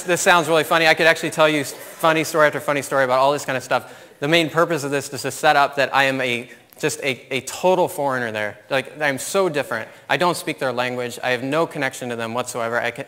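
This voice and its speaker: Bright-voiced man telling a story in a hall. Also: medium pitch, slight background noise. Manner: animated storyteller, laughs at his own story. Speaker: conference speaker. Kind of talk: storytelling keynote talk. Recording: long hall reverb.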